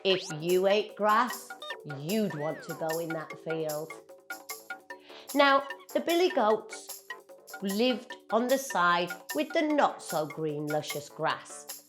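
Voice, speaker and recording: A young British woman tells a children's story very slowly, her voice bouncing up and down with playful energy. Faint music plays underneath. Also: medium pitch. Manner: animated and playful, drawing words out.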